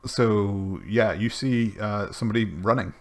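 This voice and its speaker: A man's voice: on the low side, measured pace, slight background noise. A man running a tabletop game as dungeon master over online voice chat, hesitant and full of fillers.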